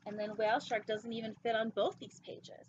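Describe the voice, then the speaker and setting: Goofy woman host reading a picture book aloud, high voice, rambling, slightly muffled recording. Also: level tone, brisk, slight background noise. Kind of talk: casual storytime reading. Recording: dull lo-fi recording.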